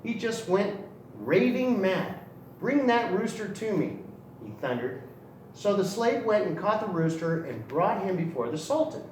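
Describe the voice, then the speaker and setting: Animated man reading to kids. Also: high voice, moderate pace. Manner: animated, expressive storytelling. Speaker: storybook reader for a kids' outreach channel. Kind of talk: children's story reading. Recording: roomy echo, distant mic, faint noise.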